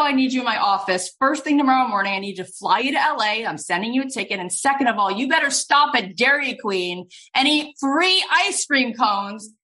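Woman doing an excited bossy director guy, high, loud, insistent. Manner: emphatic, commanding. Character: eager, bossy male film director.

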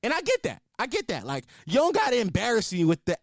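A man in his twenties telling a story casually, animated and full of profanity. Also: very high voice, fast, few pauses, no echo, clean studio sound. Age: 20s. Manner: profane, animated, exaggerated outrage.

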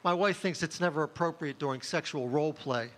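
Deadpan stand-up comedian, slightly high voice. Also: male voice, fairly quick. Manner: deadpan one-liners with crude punchlines.

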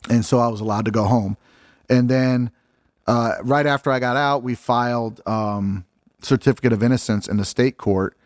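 A man's voice: medium pitch, moderate pace, no echo, studio quality. A middle-aged man from Illinois, a podcast guest telling his story in casual, blunt talk, swearing freely and acting out what others said.

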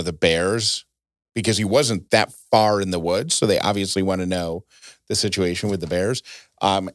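A man hosting a casual chat show, telling stories with a voice that jumps high for emphasis. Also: fairly bright tone, no echo, studio quality. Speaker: podcast host.

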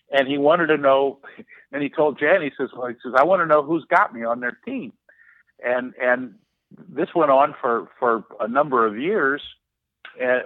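A sportswriter in his sixties, with a mid-range voice, tells an anecdote as an interview guest, halting often with many restarts and fillers. There's no room sound, though the audio comes through a tinny phone line.

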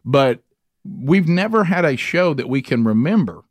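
A man's voice: a little high, sing-song, normal speed, no room sound. A middle-aged man hosting a radio talk show, talking emphatically with many restarts. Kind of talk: casual talk radio chat.

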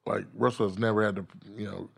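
A man, a comedian, telling stories in casual chat, laughing often and acting out his own quotes loudly. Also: lowish voice, quick pace, gravelly, breathy edge. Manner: animated, laughing, profane, acts out quotes loudly.

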